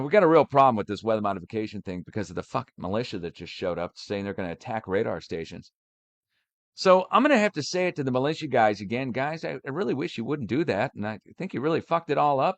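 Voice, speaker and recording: A man's voice: mid-range voice, a bit bright, dry recording. A middle-aged man ranting in a rambling, sarcastic monologue, mocking and swearing as he hosts his own channel. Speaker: online channel host.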